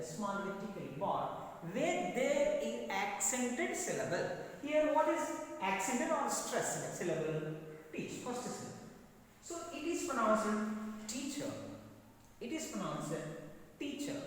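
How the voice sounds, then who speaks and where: A man with a Telugu accent, a native Telugu speaker, teaching an English class in a slow, deliberate lecture style and repeating key words for his students. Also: very high voice, recorded from a distance, slight background noise. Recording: echoey hall recorded from afar.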